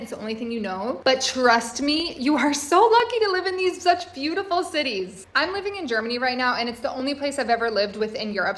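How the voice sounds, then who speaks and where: A woman from the United States talking straight to camera in a casual, emphatic monologue, full of "like". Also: a little high. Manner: emphatic, animated, lots of "like". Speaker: content creator living abroad.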